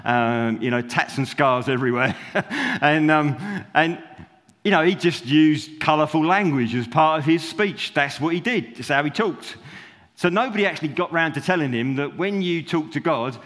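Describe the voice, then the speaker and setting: Man, informal sermon, rambling chatty delivery, slightly high voice, long hall reverb. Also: lively intonation, normal speed, fairly bright tone. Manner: chatty, rambling, self-interrupting with fillers and laughs. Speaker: preacher.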